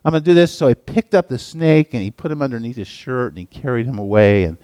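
A man telling a story as a sermon, halting often with restarts and fillers, his voice rising for emphasis. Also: expressive, dark tone, no room sound. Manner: halting, lots of restarts and uh's, emphatic pitch swings. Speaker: pastor or Bible teacher.

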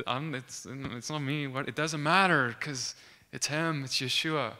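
Recalling his student days, a young man tells a faith testimony in a mid-range, bright, pushed voice with a steady tone and measured pace. His storytelling is earnest and animated, as he acts out the dialogue and often restarts his sentences.

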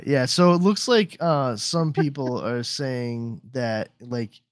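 A man's voice: mid-range voice, slow pace, no room sound, studio quality. A man hosting a podcast in casual chat, rambling with lots of swearing and trailing off mid-sentence. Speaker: podcast host.

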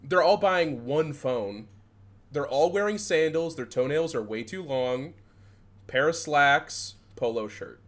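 A man's voice: a little high, expressive, slow pace, fairly bright tone. A young man from Michigan co-hosting a podcast, rambling and swearing as he tells old work stories with laughs. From Southeast Michigan. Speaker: podcast co-host. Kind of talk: casual chat.

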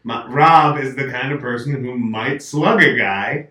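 A man hosting a casual chat and telling an animated anecdote. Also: mid-range voice, unhurried. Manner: animated storyteller, acts out quotes. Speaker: podcast host telling a story. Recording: roomy, mic at a distance.

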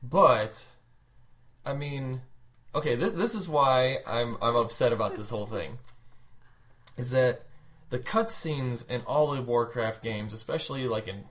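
Sarcastic cohost, blunt, medium-pitched voice, griping about stuff. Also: measured pace, a bit bright. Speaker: podcast co-host. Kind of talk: casual chat.

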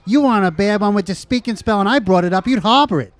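A man's voice: sits high, expressive, quick pace. A man playing a character who stammers when flustered and rants indignantly in an improvised comedy sketch. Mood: ranting. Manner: stammering, then loud and indignant. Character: flustered, then ranting, squabbling tough guy.

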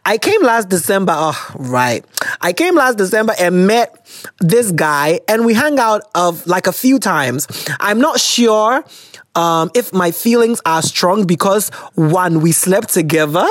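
Lively Ghanaian woman hosting an advice show. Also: mid-range voice, moderate pace, no room sound, clean studio sound. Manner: animated and teasing, mixing slang and local words. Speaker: advice podcast host reading listener letters. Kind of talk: casual chat.

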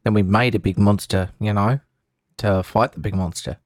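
A man's voice: on the low side, fairly even intonation, normal speed, no room sound, clean studio sound. A man acting as co-host and color commentator, rambling with lots of fillers and offering blunt ideas.

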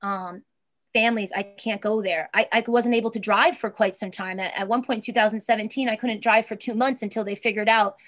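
This is a woman in her thirties speaking as an interview guest. Her voice sits at an ordinary middle pitch, and she talks earnestly and with feeling, often restarting her sentences and filling pauses with "um" and "you know.". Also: fairly even intonation, a bit bright. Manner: earnest, emotional, many fillers and restarts. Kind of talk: personal interview.

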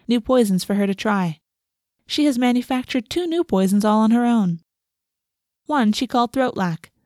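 Brief: female storybook narrator; even, steady delivery; mid pitch; dry recording. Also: no room sound.

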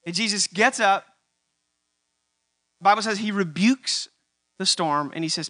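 High, bright-voiced preacher man. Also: animated, moderate pace. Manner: rising to loud emphatic peaks, repeating key lines. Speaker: pastor. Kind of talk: sermon.

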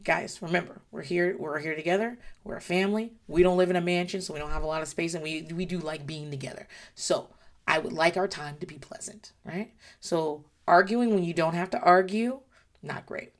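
Blunt, swearing mom with a tired voice. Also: female voice, fairly low pitch, brisk. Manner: blunt, frank, swears freely. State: voice wearing out. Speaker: parent giving advice. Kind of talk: casual chat.

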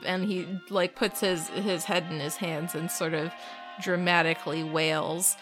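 A woman's voice: fairly low pitch, fairly even intonation, measured pace, over music. A woman narrating as game master of a tabletop game, casual and full of fillers.

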